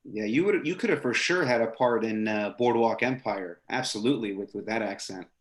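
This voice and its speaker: A man's voice: on the low side, a little fast. A male interview host who rambles, hesitating with many "you know" and "um" fillers. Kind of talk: interview hosting. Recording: roomy echo.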